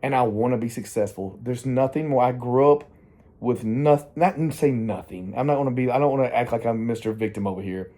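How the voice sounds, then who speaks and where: Here a middle-aged vlogger rambles candidly to the camera in a warm, mid-range voice that runs a little fast. He wanders from thought to thought, often trailing off and restarting as he interrupts himself.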